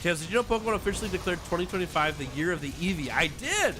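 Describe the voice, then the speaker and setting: High-pitched, sing-song, and rapid-fire, a man streams a game over background noise and music. He keeps up a casual, playful chat with viewers, laughing often and reading their messages aloud.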